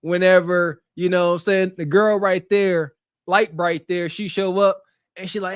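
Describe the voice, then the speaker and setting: A man co-hosting a podcast, reacting to street interview clips with animated, laughing, mocking commentary. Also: sits high, a little slow, clean tone, no room sound, studio quality. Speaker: podcast co-host.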